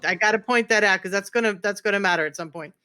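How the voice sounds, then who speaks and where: Bright, animated streamer retelling a roleplay story. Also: mid-range voice, racing, clean tone. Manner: animated, swearing, restarts and emphatic repeats. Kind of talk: casual storytelling recap.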